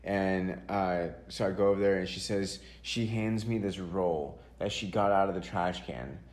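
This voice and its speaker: A young man from Texas hosts a casual podcast, his voice sitting fairly low. He tells stories in an animated, profane way. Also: moderate pace. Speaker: podcast host.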